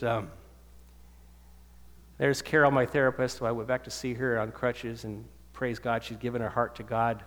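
This fifties-aged man shares his life story as a testimony before a church crowd, performing other people's voices as he goes, with the sound echoing through a long hall reverb. He speaks at medium pitch and normal speed, his tone fairly bright and his pitch barely moving.

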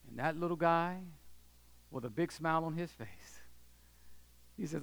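High-voiced man telling a sermon story. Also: unhurried, gravelly, long pauses, a bit bright. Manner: dramatic storytelling, acting out voices, asks the audience if they are listening. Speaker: preacher. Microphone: handheld or stand microphone.

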